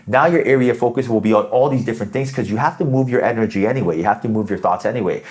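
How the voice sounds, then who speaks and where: A man giving a tarot reading in a casual, coaching way, acting out inner thoughts as he explains. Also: mid-range voice. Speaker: tarot reader.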